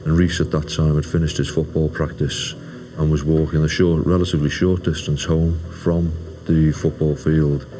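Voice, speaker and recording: Male interviewee, very deep and flat, calm factual account. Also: moderate pace, soft background music. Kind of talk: documentary interview.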